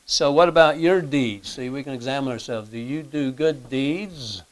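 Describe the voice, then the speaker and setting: A man preaching a sermon in a plain conversational way, often clearing his throat and putting questions to his listeners. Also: mid-range voice, normal speed. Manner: asks the listeners rhetorical questions. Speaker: pastor.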